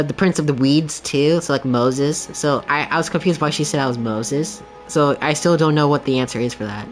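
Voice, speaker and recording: A young man streaming a game, chatting casually in a rambling, candid way, leaning heavily on the filler "like". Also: fairly high pitch. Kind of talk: casual chat while gaming.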